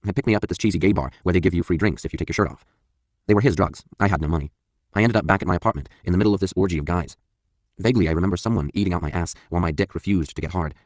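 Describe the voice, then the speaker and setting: A man with a very deep voice narrates a first-person memoir audiobook at a rapid clip. His delivery is blunt and confessional, and he swears freely. The recording is dry and close, with no room sound. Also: no room sound.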